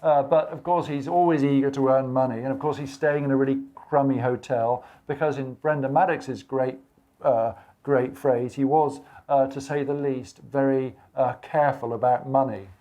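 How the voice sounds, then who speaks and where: A man at a live bookshop event, thinking aloud as he talks. He rambles through restarts and fillers, slipping into quoted asides. His pitch sits in an ordinary middle range. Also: fairly even intonation, normal speed, dark tone, lo-fi sound. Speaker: guest author. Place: bookshop event before an audience.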